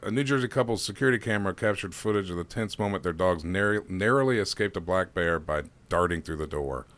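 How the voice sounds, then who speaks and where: A man's voice: sits low, fast, fairly bright tone. A man co-hosting a casual podcast, reading odd news stories and joking with his partner. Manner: joking, reads quotes aloud with playful voices. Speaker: podcast co-host.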